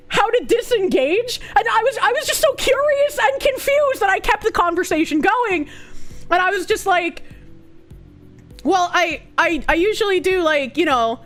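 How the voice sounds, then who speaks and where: A young woman streamer telling a story in casual chat, animated and profane, laughing often and acting out what others said. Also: very high-pitched, a little slow, faint music behind.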